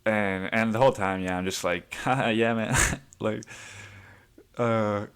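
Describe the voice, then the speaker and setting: A podcast host tells a story the loose way, with lots of laughter and plenty of swearing. His voice sits very low for a man. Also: fairly even intonation, slow, a bit bright, clear, resonant tone. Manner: rambling, laughs often, swears freely. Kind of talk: casual storytelling monologue.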